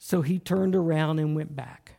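A man preaching a sermon, telling a story in a slow, earnest way and dropping to a near-whisper at times. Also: on the high side, gravelly, warm tone.

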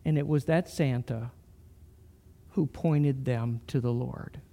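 A middle-aged man preaching a sermon, telling a story slowly and earnestly with soft pauses before leading a prayer. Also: medium pitch. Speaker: pastor.

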